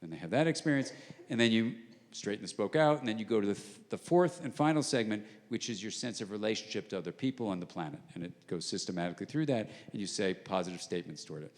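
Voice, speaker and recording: Guy giving a talk in a big reverby auditorium, kinda low gravelly voice, acts out little conversations. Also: animated, quick pace. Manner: conversational, acts out dialogue, drops to hushed tones for emphasis. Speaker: guest lecturer. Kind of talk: public lecture with storytelling. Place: large arts center auditorium. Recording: long reverb of a large hall. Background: live audience.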